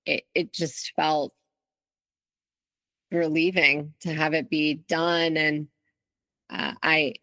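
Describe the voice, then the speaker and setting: Slow-speaking woman, low bright voice. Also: fairly even intonation, no room sound. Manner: candid, reflective, with restarts. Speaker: guest. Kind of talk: interview, personal account.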